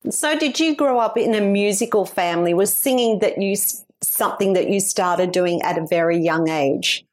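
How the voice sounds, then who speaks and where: A woman's voice: mid-range voice, normal speed. A woman from Australia with an Australian accent, hosting an interview and telling stories in a chatty way, laughing often. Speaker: podcast host. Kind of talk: casual interview chat.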